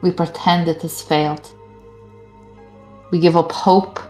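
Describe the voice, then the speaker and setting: A woman's voice: fairly low pitch, little pitch movement, unhurried, darkish tone. A woman playing a tabletop game, who hesitantly explains her character's plan step by step. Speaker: player. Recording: echoey room with music behind.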